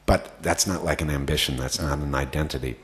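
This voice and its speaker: There's slight background noise as a man with a very deep, steady voice talks a little fast. He's at a festival Q&A responding to audience questions about acting, rambling with plenty of fillers and restarts.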